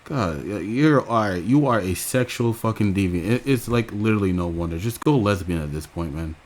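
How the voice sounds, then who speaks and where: A man giving profane reaction commentary, crude and incredulous, with loud outbursts. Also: on the low side, expressive, fairly quick, slight background noise.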